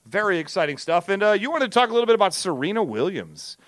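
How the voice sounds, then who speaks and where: A man's voice: high-pitched, quick pace, dry recording. An American man co-hosting a casual chat show, ranting animatedly about commercials. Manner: animated, ranting, does silly voices. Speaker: podcast co-host.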